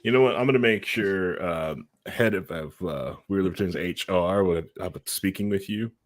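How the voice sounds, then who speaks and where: A man's voice: low-pitched, moderate pace. A man hosting a casual podcast, joking and teasing his co-host and laughing often.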